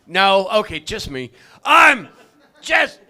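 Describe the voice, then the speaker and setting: An older man doing a stand-up comedy set in a club, loud and profane, often shouting his punchlines. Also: high-pitched, sing-song, takes it slowly. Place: comedy club stage, live audience.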